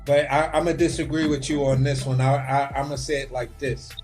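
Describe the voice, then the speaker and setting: A man on a livestream video call, animated and opinionated, repeating words as he builds his point about boxing. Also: medium pitch, fairly quick, loud music behind the voice. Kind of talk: casual boxing chat on a livestream.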